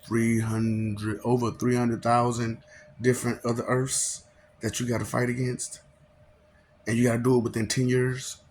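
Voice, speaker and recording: This man's mid-range voice barely moves in pitch, keeps a moderate pace, and sounds a little mellow over slight background noise. Claiming to be a god, he lectures viewers in a rambling, moralizing way, laughing a lot, firing off mocking rhetorical questions, and now and then fumbling his words.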